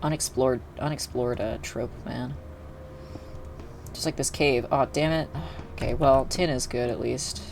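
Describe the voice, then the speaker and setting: A man's voice: mid-range voice, fairly even intonation, a little slow, gravelly, pauses often, a little mellow, a little hiss or hum. A young man streaming a video game, chatting casually in a rambling way with lots of fillers and restarts. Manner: rambling, filler-heavy, self-interrupting. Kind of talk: casual gaming livestream chat.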